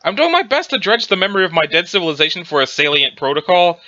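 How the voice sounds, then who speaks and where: Hungover alien girl whining slow and pained, guy reading it, kinda dull lo-fi audio. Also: high-pitched, expressive, sharp tone. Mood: groggy. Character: hungover sarcastic young female alien girl.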